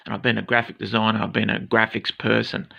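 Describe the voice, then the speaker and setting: A man's voice: lowish voice, completely flat delivery, quick pace, gravelly, lo-fi sound. A man in his forties with an Australian accent, talking casually to camera in a rambling, blunt, sweary way full of fillers. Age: 40s.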